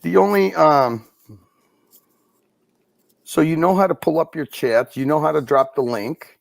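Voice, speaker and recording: A man's voice: on the high side, a little slow, vocal fry, no echo. A man chatting on a live stream, teasing and swearing freely, laughing often. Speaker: guest co-host on a live stream. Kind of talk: casual live-stream banter.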